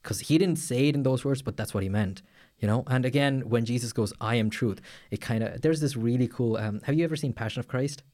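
A man's voice: mid-range voice, fast talker, darkish tone. Rambling man talking faith, full of fillers. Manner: rambling, many fillers and restarts. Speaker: podcast co-host. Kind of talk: casual faith discussion.

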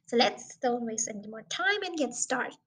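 A woman hosting a podcast, reading a children's book aloud in steady, clear narration. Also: a little high, normal speed, low-quality recording. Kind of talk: storybook reading.

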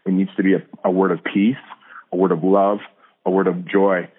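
A man's voice: low voice, little pitch movement, normal speed. A man talking earnestly as a podcast guest about hearing God, with frequent restarts and fillers. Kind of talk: casual faith talk. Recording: tinny phone-like line.

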